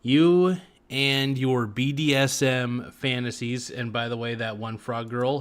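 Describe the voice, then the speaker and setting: A man's voice: medium pitch, steady tone, takes it slowly. A man as a podcast guest in casual chat, crude, joking and rambling.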